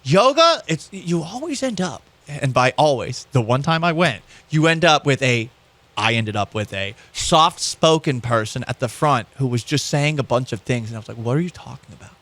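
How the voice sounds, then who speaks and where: Lively, bright-voiced man telling stories. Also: mid-range voice, moderate pace. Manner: rambling, self-mocking storytelling. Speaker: sports podcast host. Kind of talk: casual chat.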